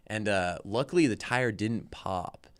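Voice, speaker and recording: A man with a very low, smooth and clean voice tells road stories as a guest, loose and rambling, full of filler words and curses. The tone is unhurried and conversational. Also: lively intonation. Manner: rambling, swears a lot, lots of "like". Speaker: band guitarist and vocalist, guest. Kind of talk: casual tour storytelling.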